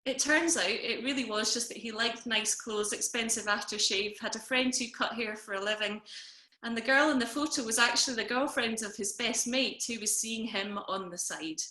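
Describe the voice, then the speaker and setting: A woman's voice: a little high, moderate pace, pushed and bright, reverberant. A woman telling a personal comic story over a video call, in a wry, self-deprecating way. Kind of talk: personal story told to an online audience.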